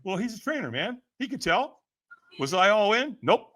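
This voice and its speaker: Bright, lively storytelling man. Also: high voice, moderate pace. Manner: acts out quoted people, laughs often, says "man" and "right?". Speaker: podcast guest. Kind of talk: animated storytelling.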